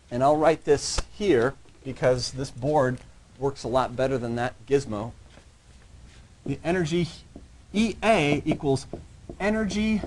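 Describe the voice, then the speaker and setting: A man with a somewhat high voice teaches a college science class. He talks casually and keeps checking in with his students. He sometimes drifts away from the microphone as he moves around the room. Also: a little hiss or hum. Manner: checks in constantly with "yeah?" and "right?"; conversational, joking with students. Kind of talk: classroom lecture.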